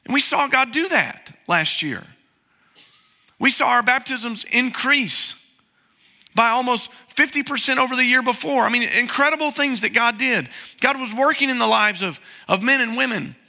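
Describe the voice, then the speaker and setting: High-voiced, bright pastor preaching. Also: male voice, moderate pace. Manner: conversational, asks the congregation questions, acts out inner voices. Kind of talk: sermon. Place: church sanctuary. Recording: long hall reverb.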